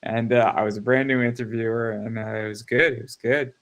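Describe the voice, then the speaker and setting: A man in his thirties hosting a podcast, chatting casually in a relaxed, halting way. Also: medium pitch. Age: 30s. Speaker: podcast host. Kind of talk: casual chat.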